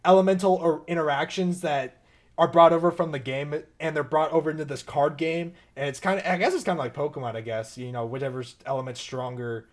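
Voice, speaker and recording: A man's voice: fairly high pitch, a little fast. A young man co-hosting a podcast, telling stories in casual chat with lots of laughter. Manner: animated, laughing storyteller. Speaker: podcast co-host.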